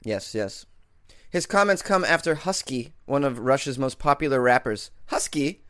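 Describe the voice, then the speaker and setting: A man running a comedy podcast alone, riffing loosely and laughing at his own jokes between false starts. His voice has an ordinary middle pitch, recorded dry and close with no room sound. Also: animated, normal speed, a bit bright, clean tone, dry recording. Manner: rambling, self-amused, full of fillers and restarts. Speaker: podcast host. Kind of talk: casual comedic monologue.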